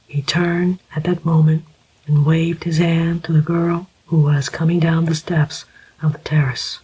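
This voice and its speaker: An audiobook narrator reading a thriller in a soft, even whisper up close, as whispered role-play. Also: medium pitch, unhurried, husky, rough recording.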